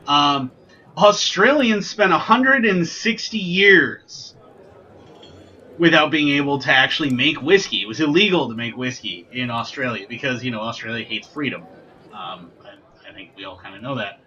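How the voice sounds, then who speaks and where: A man's voice: fairly high pitch, bright, forceful tone, muffled recording. A man hosting a casual whiskey tasting vlog, chatty and joking with lots of ums and asides. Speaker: whiskey reviewer, channel host.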